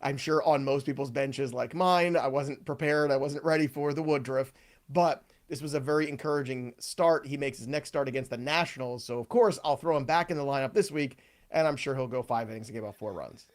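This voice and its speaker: A man's voice: medium pitch, fairly quick. A man hosting a sports podcast in casual, upbeat chat, joking and plugging giveaways. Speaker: podcast host.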